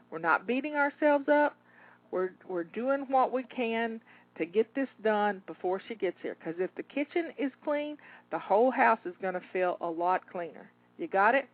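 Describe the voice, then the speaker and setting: A woman's voice: mid-range voice, dry recording. A woman coaching listeners through a cleaning session, encouraging and coaxing, a bit out of breath. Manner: encouraging, coaxing, repeats words. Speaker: home organizing coach. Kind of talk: motivational cleaning pep talk. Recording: dry tinny phone-like sound.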